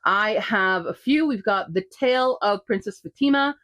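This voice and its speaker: A woman's voice: medium pitch, normal speed, a bit bright. A woman vlogging casual book recommendations to camera, chatty and upbeat with frequent ums and asides.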